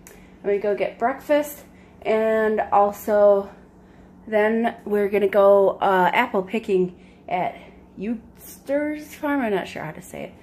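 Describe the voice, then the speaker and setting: A woman's voice: mid-range voice, darkish tone. A young woman chatting casually through a daily vlog, talking about her plans with lots of "like" thrown in. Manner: chatty and unhurried, peppered with "like". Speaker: vlogger.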